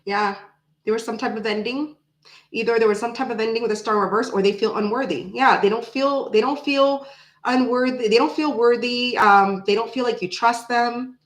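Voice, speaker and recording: A woman's voice: on the high side, fairly even intonation, normal speed, reverberant, rough recording. A woman doing a casual tarot reading to the camera, thinking aloud and repeating her phrases as she pulls cards. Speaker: tarot reader.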